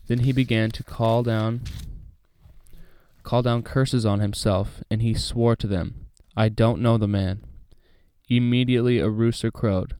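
A man reading a Bible passage aloud and then talking it over in a relaxed, chatty way with many fillers. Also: mid-range voice, unhurried, clear, resonant tone, dry recording. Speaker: Bible study host. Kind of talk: casual Bible reading and commentary.

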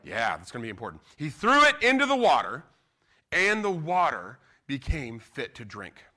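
A middle-aged man, preaching a sermon in an animated, conversational way and acting out what people say. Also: medium pitch, moderate pace. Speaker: pastor.

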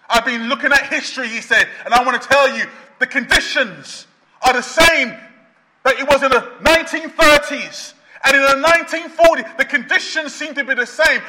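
A man preaching a sermon, impassioned and emphatic, breaking into loud bursts. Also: very high-pitched, poor audio.

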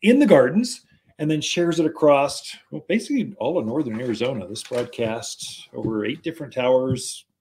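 A man's voice: medium pitch, animated, moderate pace, darkish tone. A man hosting a garden radio show in a studio, talking in a chatty, joking way. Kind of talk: casual radio chat.

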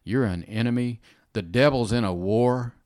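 A man's voice: mid-range voice, normal speed, a little mellow, clean tone, dry recording, clean studio sound. A man giving informal, earnest Bible teaching in conversation, repeating phrases and often saying "you know" and "amen".

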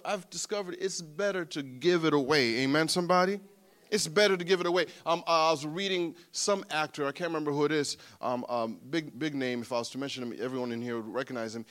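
Male preacher, high bright voice, animated storyteller who climbs to loud emphatic preaching. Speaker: pastor. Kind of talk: sermon with personal storytelling.

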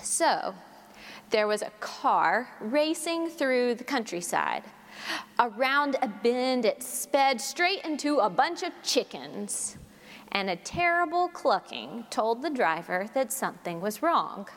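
A woman preacher delivers a sermon, reading scripture and spinning stories at a measured, expressive pace. Her voice sits fairly high, and a long reverb trails her words through the large hall.

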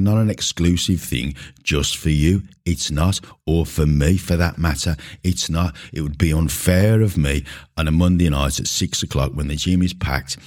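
Speaking low with a darkish tone, a middle-aged man rants casually to camera, bluntly and indignantly, with plenty of swearing. He's a gym coach and podcast host, picked up by a close-range camera mic.

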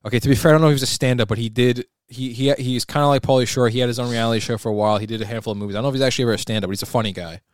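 A man talks fast and rambles through his points in relaxed banter, with a playfully sarcastic streak. His voice is mid-pitched and recorded dry and close. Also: no room sound. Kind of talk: casual chat.

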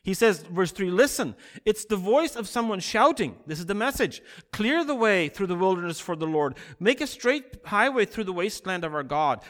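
A man preaching a sermon as pastor, earnest and building in intensity, slowing down to stress key phrases. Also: high voice, expressive.

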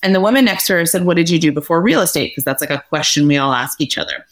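Lively storytelling woman host. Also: low voice, quick pace. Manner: lively storyteller, acts out quoted dialogue. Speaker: podcast host. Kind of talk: casual conversation.

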